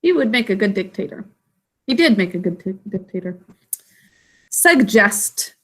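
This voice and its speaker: A woman's voice: medium pitch, animated, measured pace, fairly bright tone, husky. A woman teaching an online literacy lesson over a video call, carefully sounding out words and encouraging her students.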